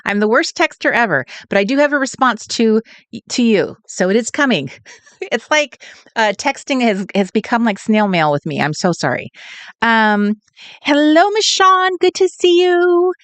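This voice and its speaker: This California woman runs a craft livestream at home late at night, greeting her viewers with giggles and a sing-song lilt. She speaks at a moderate pace in an expressive, slightly bright voice on the high side, with no echo.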